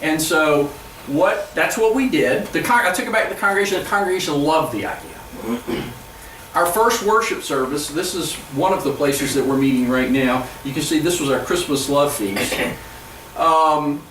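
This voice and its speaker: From some distance in an echoey church hall, a man's slightly high, somewhat bright voice carries over a faint hum of room ambience. He's a pastor giving an earnest presentation to fellow church leaders, telling stories with frequent halting restarts.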